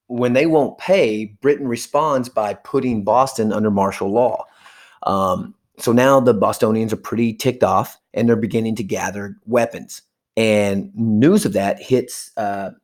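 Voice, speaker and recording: History teacher, man, lowish voice, loose lecture delivery with acted asides. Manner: chatty, acts out historical figures in quick asides. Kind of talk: casual classroom lecture.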